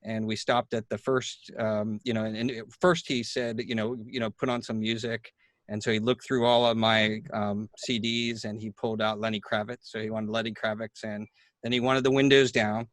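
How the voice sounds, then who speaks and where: Chatty host with a dry sound. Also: male voice, lowish voice, moderate pace, dry recording. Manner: chatty, animated when telling anecdotes, with many restarts. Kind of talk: casual conversational storytelling.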